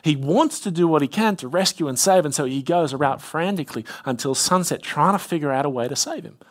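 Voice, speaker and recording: A man's voice: animated, brisk. Man preaching, reading scripture aloud. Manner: expository, reads scripture aloud with rising emphasis; drops to a soft, low voice on key points. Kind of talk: sermon.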